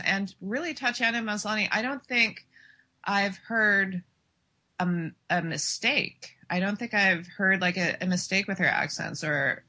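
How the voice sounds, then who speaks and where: A chatty woman reviewing TV with a co-host, her voice bright and a little husky and sitting slightly low. She talks emphatically, with frequent laughs. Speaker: podcast co-host and TV blogger. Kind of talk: casual TV review chat.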